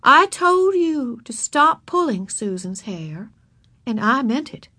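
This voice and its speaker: A woman voicing a firm but kind female kindergarten teacher, speaking slowly and sternly. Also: a little high, big pitch swings, pushed and bright, voice pushed up, exaggerated voice. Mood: firm measured. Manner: slow, measured and stern.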